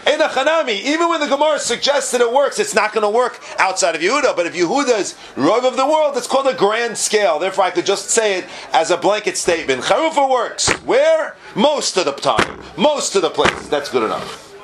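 Man, Talmud teacher, lively lecturing, slightly higher voice. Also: fairly quick. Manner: animated, questioning, Yiddish-Hebrew terms.

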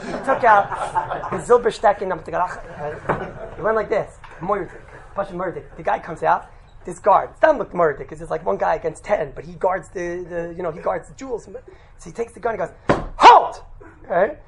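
A man teaching a religious class, telling a lively anecdote with laughs and quick "right?" asides, mixing in Yiddish and Hebrew terms. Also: high-pitched, creaky, noisy background. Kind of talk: animated storytelling talk to a group.

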